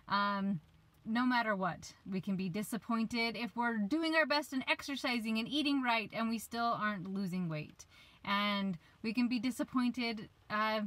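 A woman in her thirties, a life coach, talks casually from her parked van with rain outside, giving advice and sometimes forgetting where she was going. Her voice is a little high and fairly bright, on a dry, poor-quality recording.

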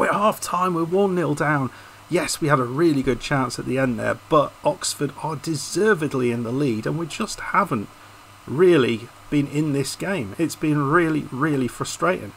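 This man's voice is fairly high and fairly bright as he commentates loosely on a football management game for his YouTube channel. He comes across as frustrated and unsure, frequently starting sentences over. Slight background noise and poor audio mar the clip.

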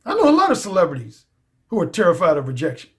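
A male dating coach talking straight to camera in a casual monologue. His voice sits fairly high for a man, and he hammers his points home emphatically, repeating phrases in relaxed slang. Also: fast talker.

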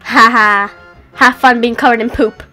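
A woman's voice: a little high, moderate pace, faint music behind. A woman giving casual game commentary, exclaiming and crying out as she plays. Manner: excitable, cries out and exclaims. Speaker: gameplay commentator.

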